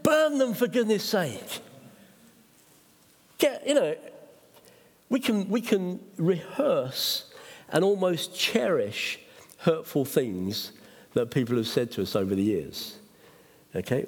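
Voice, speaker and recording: A middle-aged man, a pastor, preaching a sermon in an animated way, acting out quotes and laughing at himself. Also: medium pitch. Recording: long hall reverb.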